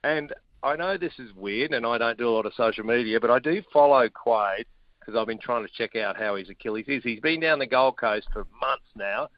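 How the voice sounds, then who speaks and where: A middle-aged man chats about sport as a radio guest, blunt and quick to get excited. His voice sits at a middling pitch and comes through a dry, slightly dull remote line. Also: no room sound. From Australia. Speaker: radio guest, former rugby player. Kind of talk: casual sports chat.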